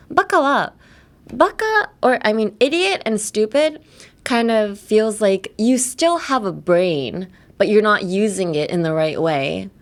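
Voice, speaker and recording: Woman teaching English phrases. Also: mid-range voice. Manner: switches between English and Japanese, drilling phrases slowly. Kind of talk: bilingual language lesson.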